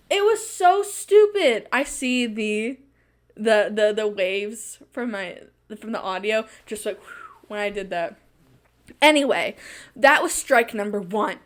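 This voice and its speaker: Young woman podcast host with a high voice: casual, dramatic storyteller who repeats lines and laughs a lot. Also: a bit bright. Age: young adult. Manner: dramatic, repeats phrases for emphasis, laughs often.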